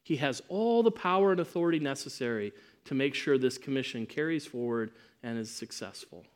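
A man's voice: medium pitch, animated, a little fast. Emphatic male preacher. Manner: emphatic, swinging from loud proclamation to quiet asides. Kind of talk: sermon.

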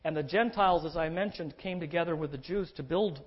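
A man preaching an expository sermon, emphatic and animated, drawing out key words for stress. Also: on the high side, fairly quick, slightly rough. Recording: dull lo-fi recording.

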